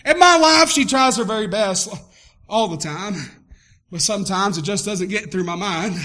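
Man, pastor, impassioned sermon, very high voice, tense bright tone. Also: animated, normal speed. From Tennessee, US. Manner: impassioned preaching, rising to shouts.

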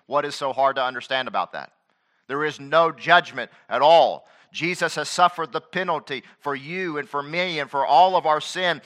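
A male pastor preaching with a bright, forceful tone and a voice that sits a little high. He drives his points home with pointed rhetorical questions and acts out the quoted voices of his listeners. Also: moderate pace. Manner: animated preaching with rising emphatic questions and acted-out quotes. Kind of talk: sermon. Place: church.

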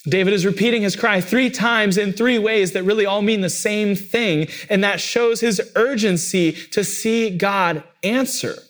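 A man preaching a sermon, animated and acting out cries with sudden leaps in pitch. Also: measured pace, few pauses. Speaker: pastor.

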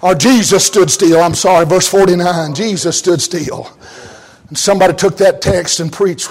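An older man preaching a revival sermon in a fervent cadence, full of amens and hallelujahs, shouting at the peaks and dropping soft in between. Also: moderate pace, low-quality recording. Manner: shouts at the peaks, drops low and soft in storytelling.

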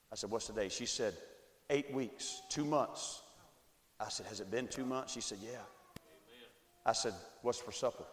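A man in his forties giving a testimony sermon, swinging from quiet storytelling to shouted climaxes, recorded in an echoey church hall. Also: medium pitch. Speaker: evangelist. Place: church sanctuary.

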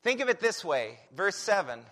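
Animated preacher man with a bright voice. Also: sits high, normal speed. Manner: animated, rhetorical questioning. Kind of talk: sermon.

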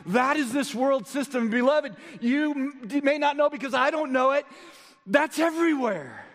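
High-voiced male preacher in a reverberant hall. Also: lively intonation, moderate pace. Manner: preaching with rhetorical questions, swinging from loud emphasis to low quiet delivery. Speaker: pastor. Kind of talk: sermon.

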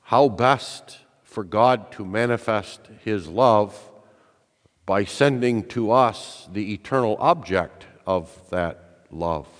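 A man preaching a sermon in an earnest, emphatic way, putting rhetorical questions to his listeners. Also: fairly low pitch. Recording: reverberant hall.

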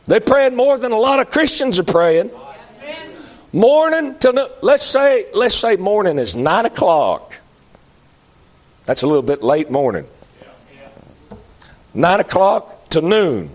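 A man's voice: sits high, sing-song, slow pace, long pauses. A man preaching a sermon in an emphatic, folksy way, repeating lines for effect.

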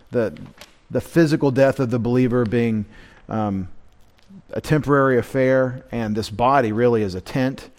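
A pastor leads a midweek Bible study at an unhurried, halting pace, filling gaps with "uh" and "um" and restarting phrases. His mid-range voice is a little mellow, and he laughs at his own rough Greek pronunciation while explaining a verse, tossing in self-deprecating asides.

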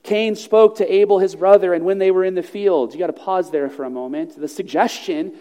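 A man preaching a sermon to his congregation, measured and earnest, slowing down to stress key phrases. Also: high-pitched, mellow. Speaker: pastor. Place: church sanctuary. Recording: long reverb of a large hall.

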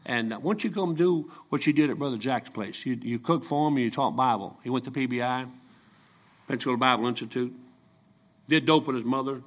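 An older man preaching a folksy, joking sermon full of stories, rising into shouted peaks. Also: mid-range voice, fairly quick.

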